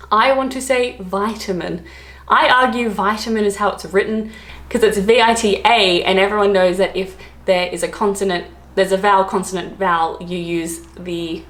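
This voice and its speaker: A woman's voice: medium pitch, a bit bright. An Australian woman chatting casually to camera as a vlogger, self-deprecating and laughing often. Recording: echoey room.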